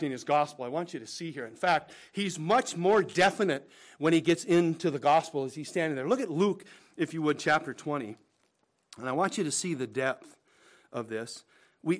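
A man preaching a sermon as pastor, swinging between loud emphatic bursts and hushed, slow asides, and asking listeners rhetorical questions. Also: a little high.

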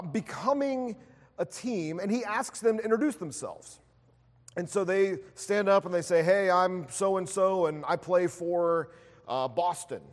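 A man's voice: sits high, a little mellow. A man preaching a sermon, opening in prayer and telling a story with frequent filler words. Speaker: pastor. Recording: long hall reverb.

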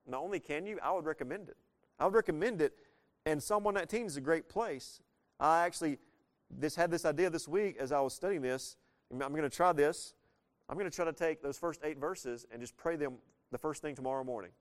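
A man's voice: a little high, brisk. Conversational man preaching a sermon. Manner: conversational, asks the congregation questions; lively preaching with frequent shifts in loudness. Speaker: pastor.

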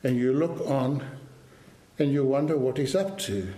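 A man preaching a sermon, earnest and emphatic, now and then clearing his throat. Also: mid-range voice, unhurried, dark tone, reverberant. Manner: clears throat between points.

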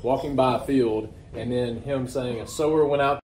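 A man's voice: mid-range voice, normal speed, a little mellow. A man preaching a sermon in a loose, conversational way, often asking rhetorical questions. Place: church meeting hall. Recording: echoey hall recording.

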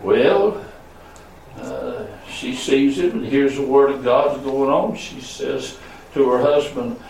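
A male pastor preaching a sermon, swinging between loud high calls and low murmurs. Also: slow pace, a little hiss or hum. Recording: echoey room, voice from a distance.

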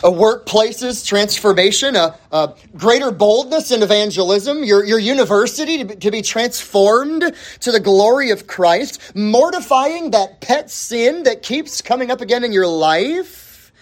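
Emphatic slow-paced male preacher. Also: very high voice, animated. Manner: emphatic, swings between loud and hushed; repeats key words for emphasis. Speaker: pastor. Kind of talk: sermon.

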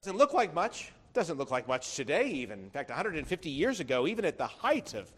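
Guy preaching a sermon, kinda high voice, really expressive, lots of rhetorical questions. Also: brisk, husky. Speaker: pastor.

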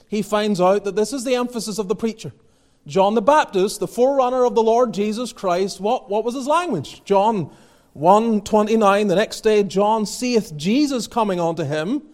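Quoting old King James scripture, a man preaches with earnest conviction that mounts into emphatic exhortation. He speaks in a high-sitting voice with a darkish tone.

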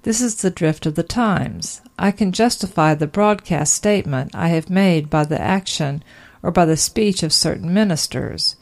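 A woman's voice: lowish voice, moderate pace, gravelly, a little mellow. A woman reading an old-fashioned sermon aloud, earnest and emphatic, full of rhetorical questions. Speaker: sermon reader.

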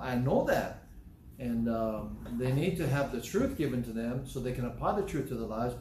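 A man's voice: mid-range voice, a little mellow, roomy sound, slight background noise. A man with a Southern American accent, preaching a sermon in a folksy, conversational way with personal asides, then leading a prayer. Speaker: pastor.

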